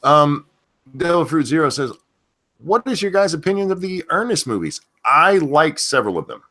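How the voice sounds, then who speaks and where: A man's voice: fairly high pitch, sing-song, moderate pace, bright, forceful tone. A man hosting a livestream, reading viewer questions aloud and chatting casually. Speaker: stream host reading chat questions.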